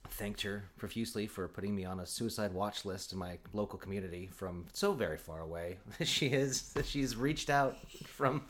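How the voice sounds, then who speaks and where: A man's voice: fairly low pitch, normal speed, hardly any pauses. A man casually telling a comic personal story, acting out the voices in his quotes and laughing often. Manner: animated, acts out quotes, laughs often, many fillers.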